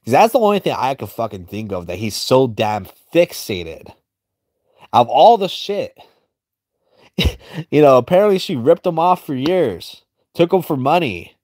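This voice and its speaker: A man's voice: medium pitch, big pitch swings, measured pace, darkish tone, no room sound, clean studio sound. A man streaming and drawing as he comments in a crude, heavily profane, rambling way. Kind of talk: casual commentary while drawing.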